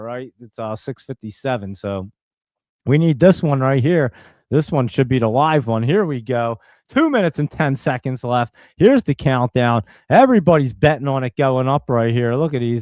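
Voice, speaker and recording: A man hosting a stream, giving casual live play-by-play commentary in a chatty, excitable way and talking straight to his viewers. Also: medium pitch, dry recording. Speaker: stream host.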